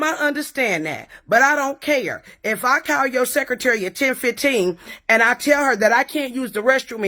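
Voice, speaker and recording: A woman's voice: a little high, fairly bright tone. A woman telling viewers a personal story in a casual, emphatic, indignant way, with colloquial talk and some swearing.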